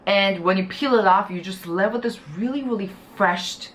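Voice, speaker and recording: A woman's voice: mid-range voice, normal speed, a bit bright, slight background noise. A young woman chatting casually to camera as she reviews skincare products, gushing and full of "you know" and "like". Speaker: beauty YouTuber.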